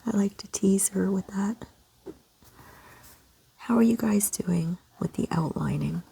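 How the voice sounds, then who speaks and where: A gentle, encouraging woman from Canada, talking kids through a step-by-step drawing lesson in a soft voice. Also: medium pitch, measured pace, gravelly, slight background noise. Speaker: children's art teacher.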